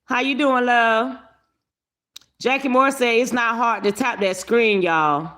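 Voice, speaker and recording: A woman's voice: fairly high pitch, slow, fairly bright tone. A woman hosting a casual livestream, greeting viewers by name and giving brash, profane commentary with lots of laughter.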